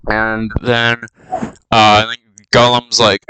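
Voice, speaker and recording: A man's voice: mid-range voice, fairly even intonation, slow, sharp tone, clean tone, poor audio. A man giving a meandering, flippant comic retelling, full of asides and fillers. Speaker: YouTube spoof narrator.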